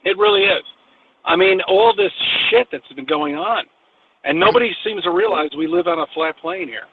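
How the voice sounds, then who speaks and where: A man's voice: high-pitched, big pitch swings, moderate pace, vocal fry. A man with a New York accent talking in a rambling, profane, emphatic way during a casual online conversation. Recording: tinny phone-like line with faint noise.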